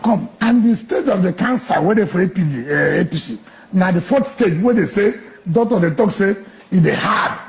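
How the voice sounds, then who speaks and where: A man's voice: sits high, lively intonation, normal speed, creaky, a little hiss or hum. A man with a Nigerian Pidgin accent giving emphatic, joking interview answers as a politician.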